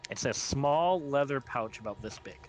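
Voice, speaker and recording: A man running a tabletop game, casual and halting. His voice sits in the middle of the range. A faint hiss runs under the recording. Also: mid-range voice, lively intonation. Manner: casual, hesitant, many fillers. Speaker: game master.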